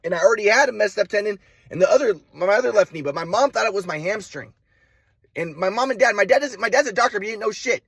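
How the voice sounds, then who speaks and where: Husky young guy with a cold, highish voice, dry close sound, keeps restarting. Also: lively intonation, a bit bright, dry recording. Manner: repetitive, halting restarts. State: has a cold. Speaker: vlogger. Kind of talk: rambling personal monologue.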